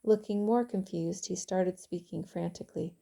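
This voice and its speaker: Woman with a dark gravelly voice reading her novel. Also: on the low side, fairly even intonation, normal speed. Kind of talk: audiobook narration.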